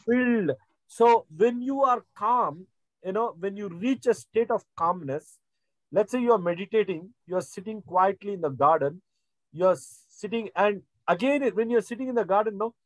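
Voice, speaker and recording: Middle-aged pastor, rambling and high. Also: male voice, moderate pace, dry recording, rough recording. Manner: rambling, repetitive, many fillers and restarts. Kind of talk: sermon teaching.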